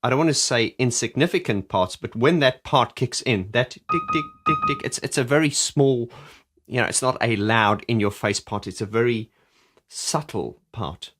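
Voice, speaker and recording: A music reviewer with a mid-range, fairly bright voice discusses an album's keyboard parts at normal speed, faint music behind him. He is enthusiastic and casual, rambling with frequent restarts and singing along at times.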